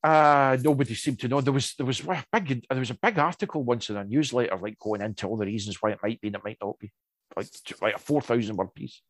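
A man chatting casually and telling anecdotes, lively, with many restarts and asides. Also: medium pitch, quick pace, dry recording. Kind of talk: casual chat.

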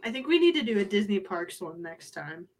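A woman hosting a podcast in casual chat, excitable and quick to laugh. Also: medium pitch. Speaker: podcast host.

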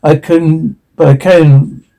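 A man's voice: fairly high pitch, fairly even intonation, slow pace, vocal fry, warm tone, poor audio. An actor playing an eccentric male time traveller in a film drama, speaking in an urgent, earnest way.

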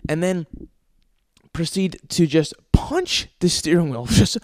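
A man's voice: fairly high pitch, animated, a little slow, dry recording, clean studio sound. A young man hosting his own podcast, telling stories in an exasperated, profane, ranting way with sighs and laughs between bits. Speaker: podcast host. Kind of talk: casual comedic monologue.

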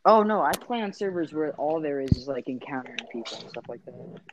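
A man's voice: mid-range voice, animated, brisk, noisy background. A young man co-hosting a casual podcast chat with friends, crude and swearing often, laughing a lot. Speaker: podcast co-host.

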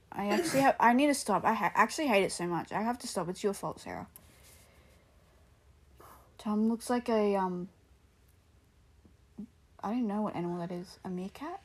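A woman's voice: mid-range voice, husky. A young woman telling a rambling story in casual chat, full of "like" and laughter. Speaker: podcast co-host.

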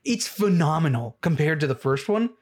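Upbeat male video creator reacting to music; higher voice, frequent laughter, emphatic repeats. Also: moderate pace. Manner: excitable, laughs often, repeats phrases for emphasis.

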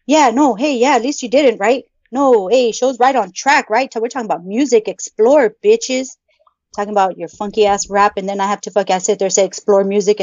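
A woman's voice: mid-range voice, darkish tone, no echo. A woman co-hosting a podcast, swearing constantly and ranting in mock anger in casual chat. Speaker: podcast co-host. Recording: dull lo-fi sound.

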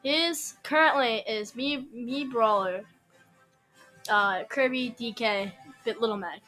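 A woman with a high-set, very bright voice gives loose, slangy play-by-play while gaming. She trash-talks her opponent between matches, speaking into a desk or headset mic. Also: slow, soft background music, rough recording. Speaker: streamer. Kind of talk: casual gaming commentary.

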